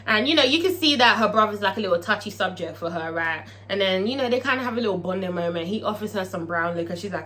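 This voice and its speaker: A woman giving a casual, profane, animated recap of a TV episode and laughing often. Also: medium pitch, fast. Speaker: TV episode reviewer.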